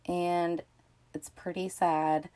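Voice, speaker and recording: A woman's voice: lowish voice, very slow. Rambling woman hosting a casual film chat. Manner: rambling, with many fillers and restarts; swears casually, with excited outbursts. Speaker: podcast host. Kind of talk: casual film-review monologue.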